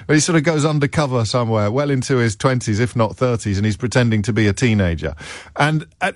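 A middle-aged man, giving wry political commentary in a digressive, halting way with frequent restarts. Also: medium pitch, sing-song, no room sound, clean studio sound. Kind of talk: monologue commentary.

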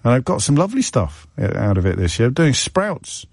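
A man's voice: mid-range voice, big pitch swings, fairly quick, a little mellow, slightly rough, no room sound, clean studio sound. A middle-aged man hosting a radio phone-in, chatty and self-deprecating, with stammering restarts. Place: radio studio. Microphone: studio microphone.

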